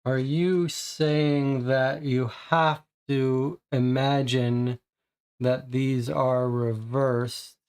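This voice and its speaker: Man, live streamer, slow speech, thinking aloud, frustrated muttering. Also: medium pitch, little pitch movement, a little mellow, clean tone. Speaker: streamer playing a puzzle game.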